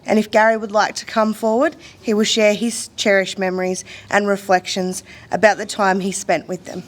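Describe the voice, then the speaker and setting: Calm woman introducing speakers. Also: mid-range voice, moderate pace. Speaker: funeral celebrant. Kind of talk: ceremony hosting.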